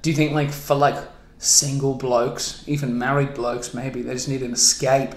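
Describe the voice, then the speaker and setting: A man's voice: mid-range voice, flat delivery, moderate pace, echoey room. A man hosting a casual comedy podcast, telling stories and teasing his guest with plenty of swearing. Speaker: podcast host.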